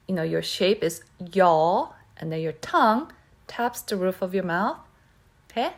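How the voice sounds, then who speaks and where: A woman teaching pronunciation who repeats words slowly and keeps checking in with "okay?". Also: medium pitch, expressive. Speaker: Korean language teacher. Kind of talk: pronunciation lesson.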